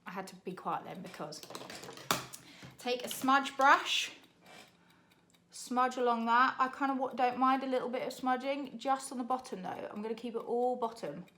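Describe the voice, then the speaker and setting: A young British woman, a makeup artist, chatting to camera in a rushed, laughing tutorial while doing her makeup. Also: on the high side, bright, forceful tone. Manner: chatty, rushed, laughing under time pressure.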